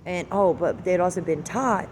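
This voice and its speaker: A woman's voice: on the low side, normal speed, a little mellow. A woman in her forties talking in a candid, rambling, heavily profane confessional monologue, recorded with car noise behind. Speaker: vlogger.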